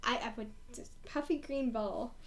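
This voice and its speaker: A young woman co-hosting a casual book podcast, animated, reading passages aloud with mock-dramatic asides. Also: on the high side, a little slow, a little hiss or hum. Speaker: podcast co-host.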